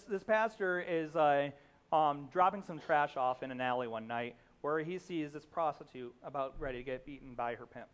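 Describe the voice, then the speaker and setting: A young pastor with a slightly high voice delivers a sermon like a relaxed conversation. He leans on fillers and restarts, and slips into quoted characters' lines as he retells a scene. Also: clear, resonant tone.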